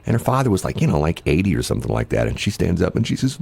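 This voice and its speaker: A man's voice: medium pitch, sing-song, fast talker, vocal fry, few pauses, a little mellow, slightly rough, no echo. A man hosting a morning radio show, telling rambling stories with jokey asides in casual chat. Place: radio studio. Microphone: studio microphone.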